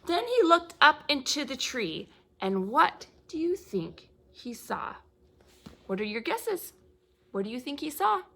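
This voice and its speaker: Expressive preschool teacher reading aloud. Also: female voice, high voice, unhurried, gravelly. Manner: expressive, asks the children questions, gasps. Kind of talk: picture book read-aloud for young children.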